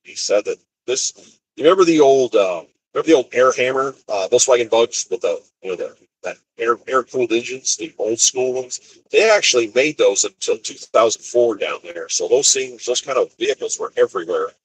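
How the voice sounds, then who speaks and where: A man's voice: mid-range voice, animated, moderate pace, husky, rough recording. A man driving solo on the road, casually rambling through a story with many restarts. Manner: rambling, restarts sentences, retells conversations. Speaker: expediter truck driver. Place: inside a vehicle on the road.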